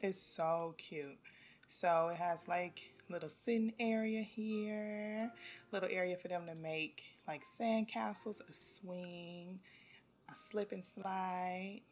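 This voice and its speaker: A young woman giving casual gameplay commentary, talking to the game characters and grumbling at them when they are too slow. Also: fairly low pitch, a little hiss or hum. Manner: animated, talks to the game characters, exasperated asides. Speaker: gameplay video host. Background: faint background music.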